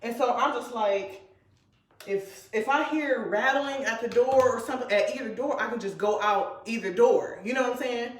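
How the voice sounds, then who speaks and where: A woman's voice: on the high side, normal speed. Woman vlogger, casual storytime, rambling and filler-heavy, roomy echo.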